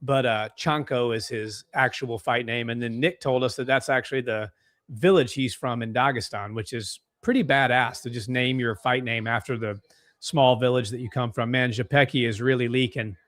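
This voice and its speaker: An excitable young man commentates a fight live on a home stream, breaking into eager exclamations at big strikes. His voice sits at a middle pitch and comes through dry and close on a desk mic. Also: normal speed, no echo. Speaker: co-host of a fight watch-along stream.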